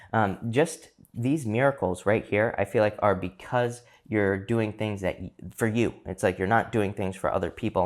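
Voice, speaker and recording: Man, tarot reader, casual chat, loose and talkative, somewhat low voice. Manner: chatty, loose, many fillers and restarts. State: hiccups. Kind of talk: casual card-reading talk to viewers.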